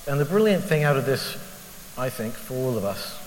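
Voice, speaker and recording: Expressive and mid-range, the man's voice moves at a moderate pace as he reflects conversationally on scripture as a lay preacher. Frank and self-deprecating, he poses rhetorical questions, while a long reverb fills the large hall over a faint hiss.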